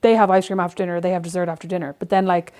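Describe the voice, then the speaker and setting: A woman's voice: fairly low pitch, level tone, very fast, mellow, clean tone. A woman in her thirties with an Irish accent, co-hosting a casual podcast chat and telling stories with plenty of fillers. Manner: rambling, storytelling, lots of fillers. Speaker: podcast co-host.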